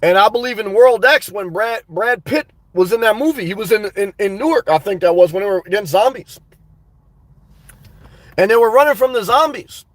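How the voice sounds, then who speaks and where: A man's voice: high-pitched, expressive, normal speed, no room sound. A man hosting a livestream, reading live chat aloud in a rambling, earnest way and calling his viewers guys and man. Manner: rambling, earnest, repeats words.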